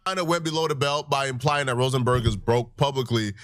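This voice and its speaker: A man's voice: mid-range voice, fairly even intonation, fairly quick, a bit bright, no echo, soft background music. A man giving indignant casual commentary, repeating himself for emphasis. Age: 50s.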